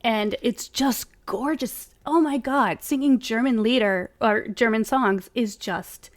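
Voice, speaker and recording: A woman singer and performer guests on a podcast, speaking slowly in a slightly high voice. Her casual chat is enthusiastic, full of swearing and filler words.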